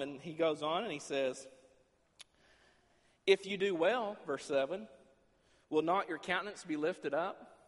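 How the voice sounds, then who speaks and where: Pastor, high-pitched man, preaching with shifting volume and acted-out dialogue, reverberant church. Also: measured pace, long pauses. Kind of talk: sermon. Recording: long reverb in a large hall.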